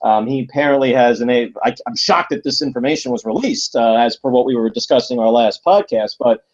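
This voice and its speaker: A man's voice: mid-range voice, fairly quick, lo-fi sound. A man co-hosting a casual sports podcast, talking at length with many fillers and frequent laughs. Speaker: podcast co-host.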